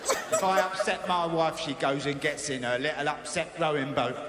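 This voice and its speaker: On a live comedy stage in a big hall, a man performs stand-up, acting out his own panic as he tells a story. His voice is on the high side at a moderate pace, and the live hall recording carries loud crowd noise.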